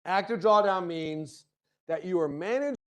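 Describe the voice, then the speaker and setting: A man's voice: high-pitched, moderate pace, clean tone. A male university lecturer giving a classroom lecture, tossing out rhetorical questions and light joking asides to his students. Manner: checks in with frequent rhetorical questions.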